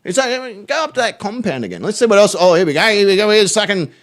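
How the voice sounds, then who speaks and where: A man's voice: sits high, big pitch swings, fast talker. An Australian man hosting a show, mocking clips in crude, constantly swearing reaction commentary.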